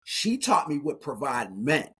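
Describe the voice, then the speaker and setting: A man in his forties, a guest speaker in an interview, telling his life story in an animated way and acting out the dialogue. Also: mid-range voice, a little slow, husky. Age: 40s.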